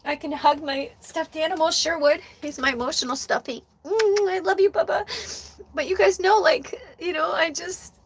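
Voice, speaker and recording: A woman's voice: high-pitched, normal speed, few pauses, no room sound. A woman hosting a live stream as a psychic medium, talking candidly and emotionally and swearing often. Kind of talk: casual emotional livestream talk.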